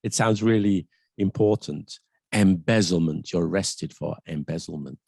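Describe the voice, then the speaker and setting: A man co-hosting a podcast in a casual, playful chat, explaining words slowly and clearly. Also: low-pitched, mellow, no room sound, studio quality. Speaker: podcast co-host.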